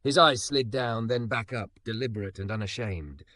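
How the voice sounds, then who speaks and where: A man narrating a first-person story with an expressive, emotional delivery. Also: lowish voice, normal speed, dry recording.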